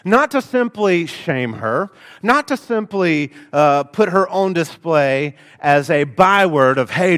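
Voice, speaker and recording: In a church sanctuary, a pastor with a Southern Alabama accent delivers an earnest sermon packed with rhetorical questions and folksy asides. His voice is high-pitched, and the room leaves a long reverb tail.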